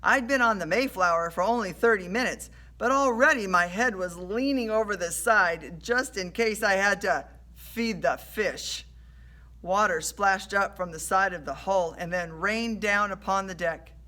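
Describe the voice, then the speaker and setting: A woman reading a children's adventure story aloud in an animated storytelling way. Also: medium pitch, measured pace. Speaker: storybook reader.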